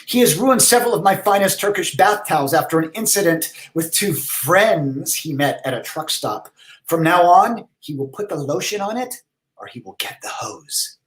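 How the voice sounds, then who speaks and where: A man voicing an eccentric, pompous, flamboyant letter writer in a high, theatrical voice with drawn-out words, reading letters aloud for comedy. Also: animated, fairly bright tone, rough recording. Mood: grandiose.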